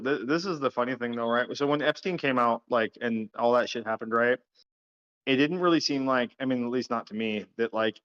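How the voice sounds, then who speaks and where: A man's voice: medium pitch, fairly bright tone, clean tone, lo-fi sound. A man hosting a late-night livestream who rambles casually, swears a lot and laughs often. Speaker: livestream host.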